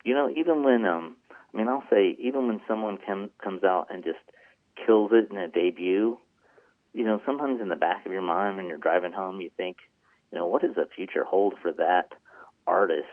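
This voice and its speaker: A man's voice: low voice, moderate pace, no echo. Man on a tinny phone line. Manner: earnest, rambling with many ums. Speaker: executive producer guest. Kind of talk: casual interview talk.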